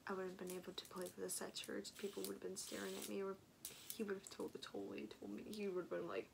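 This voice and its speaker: A young woman talks through a casual video diary in a chatty, rambling way, often sinking into a whisper. Her pitch sits in a middle range. A faint hiss of ambient noise runs under the camera mic. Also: brisk, gravelly. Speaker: vlogger.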